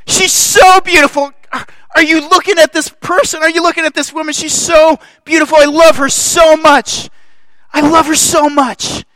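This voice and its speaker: Man acting as ecstatic God, doting and gushing, high bright shouts, repeating himself. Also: fairly even intonation, normal speed, dry recording, low-quality recording. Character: God as an overjoyed, doting male deity.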